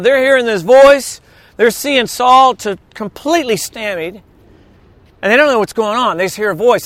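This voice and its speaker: A man's voice: very high voice, a bit bright, dry recording. A man preaching a sermon in a conversational, storytelling way, mixing humor into scripture reading. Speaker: pastor.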